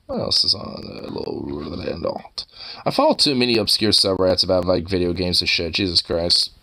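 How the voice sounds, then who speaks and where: A man's voice: deep voice, sing-song, moderate pace, gravelly, bright, forceful tone, slight background noise. A man giving casual, rambling commentary while browsing online posts, full of profanity and filler.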